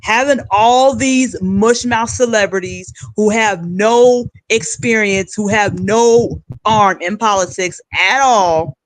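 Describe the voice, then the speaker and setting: A woman's voice: on the high side, dry recording, poor audio. A woman hosting a political commentary livestream, giving blunt, emphatic rants. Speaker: livestream host.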